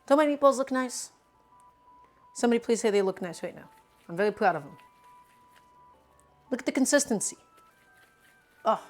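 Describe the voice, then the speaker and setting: Cooking in her home kitchen on a live stream, a young woman keeps up loose, chatty talk in a mid-range voice. Between tasks she trades jokes with viewers and fields their questions as soft music plays behind her.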